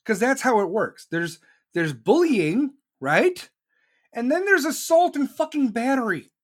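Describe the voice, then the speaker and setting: Man, podcast host, high-pitched voice, blunt, profane, aggressive rant, repeats himself. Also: very animated, measured pace. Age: adult with children. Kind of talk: blunt ranting monologue.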